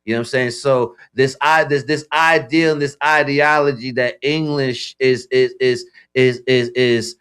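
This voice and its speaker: A man's voice: mid-range voice, steady tone, unhurried, hardly any pauses, fairly bright tone, clean tone. A man co-hosting a talk radio show, stumbling over repeated words and often saying "you know what I'm saying" in a loose debate.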